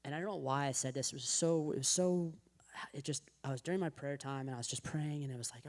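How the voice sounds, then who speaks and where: A man's voice: mid-range voice, quick pace. A man in his thirties giving a personal testimony at a church men's breakfast, talking conversationally with lots of "like" fillers and restarts, and acting out the voices of people in his story. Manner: acts out quoted voices of his wife and the doctor.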